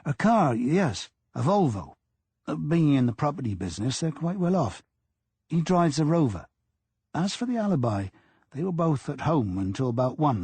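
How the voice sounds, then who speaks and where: A stolid police detective going through his notes, as a male audiobook reader voices him. He talks in a measured, matter-of-fact way, his husky voice rising and falling freely. Close, dry recording. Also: mid-range voice, darkish tone, no room sound.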